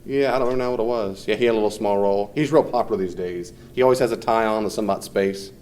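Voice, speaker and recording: A man's voice: fairly low pitch, racing, darkish tone. A man teaching a class in a conversational, off-the-cuff way, fielding questions from students and often mimicking people in short quoted voices.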